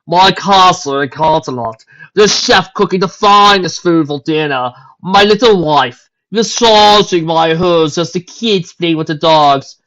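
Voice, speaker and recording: A woman's voice: fairly low pitch, a bit bright, voice pushed up. Woman doing a pompous male unicorn prince. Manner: slow, grandly boastful. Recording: dull lo-fi recording.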